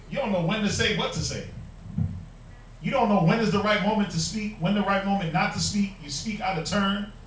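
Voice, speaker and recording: A man's voice: high voice, a little hiss or hum. A man teaching a Bible class, preaching emphatically with rhetorical questions and mocking quotes. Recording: echoey room, mic far off.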